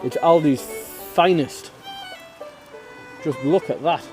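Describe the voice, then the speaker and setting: A man's voice: fairly high pitch, takes it slowly, music in the background. A man bantering and boasting on a casual camping vlog outdoors. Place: outdoors at a windy campsite.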